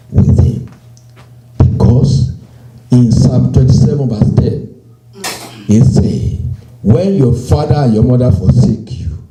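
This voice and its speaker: A man preaching a sermon, slow and emphatic, repeating phrases and quoting scripture. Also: medium pitch, roomy sound, heavy background noise. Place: church.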